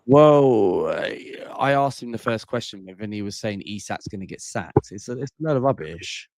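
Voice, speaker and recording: A man's voice: fairly low pitch, lively intonation, moderate pace, a little mellow, no echo, clean studio sound. A man hosting a casual call-in livestream, talking bluntly and tagging lines with bro and mate. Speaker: livestream host.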